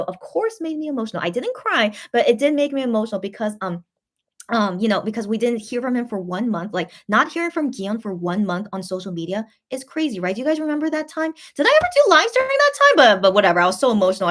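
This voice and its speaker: A woman hosting a casual livestream, chatting in a rambling, gushing way and reading viewer comments aloud. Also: medium pitch. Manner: gushing and easily moved. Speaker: host.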